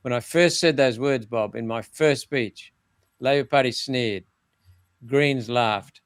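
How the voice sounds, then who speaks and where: A man's voice: mid-range voice, slow, smooth, dry recording. An older man, speaking bluntly and emphatically in an interview, often restarting his phrases. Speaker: former senator interviewed as guest. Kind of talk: political interview talk.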